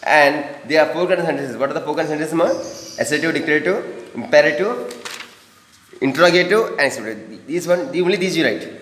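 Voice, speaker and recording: A man's voice: on the high side, fast, a bit bright, a little hiss or hum. A man teaching a grammar lesson to students, repeating points and calling them "ma". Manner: repetitive, addresses students as "ma". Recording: echoey room with long reverb.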